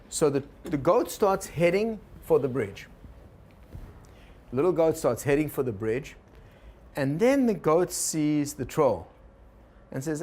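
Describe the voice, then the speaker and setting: A man's voice: a little high, big pitch swings, measured pace, long pauses, darkish tone, slight background noise. A man giving a workshop lecture on personal change, telling a fable, voicing inner thoughts and asking the audience questions. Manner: storytelling with quoted inner voices, asks the audience questions. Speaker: organizational consultant teaching a workshop.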